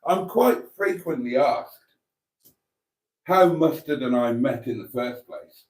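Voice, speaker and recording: A man's voice: medium pitch, animated, takes it slowly. A man hosting a casual livestream, reading viewer comments aloud and rambling with dry, self-mocking humour. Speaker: livestream host.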